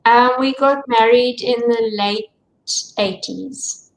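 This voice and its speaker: Slow-spoken middle-aged woman, brief replies. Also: a little high, creaky, low-quality recording. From South Africa. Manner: brief, soft replies with small laughs. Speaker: client. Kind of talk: answering questions on a call.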